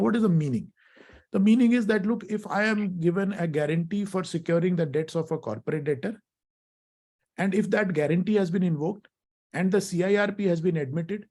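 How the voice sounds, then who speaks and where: A middle-aged lawyer gives a law lecture as a workshop speaker, asking the audience questions and calling them friends. His voice is a little high with a darkish tone.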